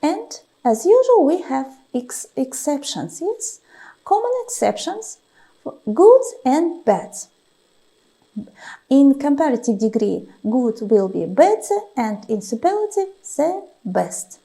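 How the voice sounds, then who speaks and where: In a classroom lesson, a woman teaching English dictates vocabulary and explains grammar. Her voice is high and lively yet dark and gravelly, and she proceeds slowly and deliberately, drawing out example words amid frequent "uh" pauses.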